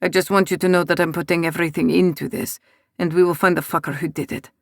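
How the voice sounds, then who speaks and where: Woman doing a low murmuring italian mafia boss, possessive, gravelly, dry close sound. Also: steady tone, quick pace, dry recording. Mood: firm. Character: commanding Italian mafia boss, adult man.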